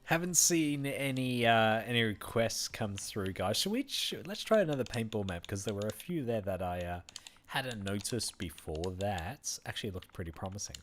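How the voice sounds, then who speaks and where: A man's voice: fairly low pitch, lively intonation, moderate pace, faint music behind. An Australian man from Western Australia, chatting casually with his viewers while streaming a game, laughing often and thanking people by name. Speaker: gaming streamer. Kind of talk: casual live-stream commentary.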